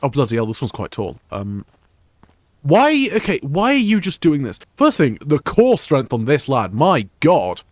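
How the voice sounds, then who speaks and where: A young man from the UK streams a game and rambles casually, his English accent carrying Scottish touches, with many fillers and restarts. His voice sits at medium pitch but swoops wildly, his pace is measured, and there's no room sound.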